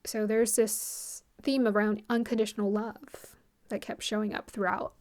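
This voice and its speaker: A woman hosting an astrology channel, casually retelling a film in a rambling, animated way with quick quoted asides. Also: mid-range voice.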